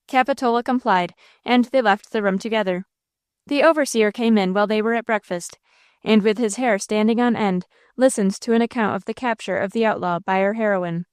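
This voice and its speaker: A woman narrating a classic novel aloud in a measured, expressive way on a close mic. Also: mid-range voice, smooth, no room sound. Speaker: audiobook narrator. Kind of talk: scripted audiobook narration.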